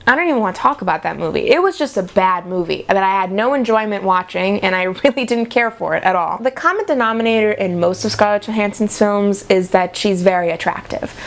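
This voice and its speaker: A young woman in a casual vlog, ranting about a movie in a sarcastic, dramatic way, her pitch often jumping up for emphasis. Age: young adult. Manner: animated, with sudden jumps in pitch. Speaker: vlogger.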